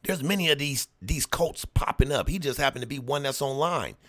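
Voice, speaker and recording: A man's voice: medium pitch, a little fast, fairly bright tone. A man hosting a reaction video, giving casual, preachy commentary and mocking people in put-on voices.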